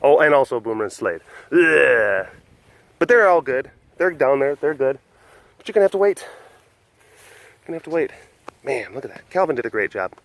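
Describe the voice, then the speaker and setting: A man's voice: medium pitch, sing-song, moderate pace, long pauses, fairly bright tone, no echo. A man hosting a casual webcast from an animal facility, rambling, laughing often, and cooing at the animals. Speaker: vlog host at a wild animal facility.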